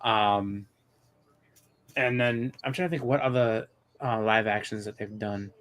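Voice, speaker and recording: A man's voice: on the low side, unhurried, fairly bright tone. Rambling man chatting on a live show. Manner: rambling, many restarts and fillers. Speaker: host of a live comics show. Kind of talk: casual chat.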